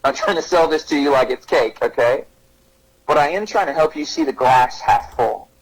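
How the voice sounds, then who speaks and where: A man in his thirties, a guest speaker on parenting, telling stories in an animated, conversational way and acting out quotes. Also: normal speed, breathy edge, poor audio. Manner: animated, pitches up to act out quotes. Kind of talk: conversational podcast storytelling.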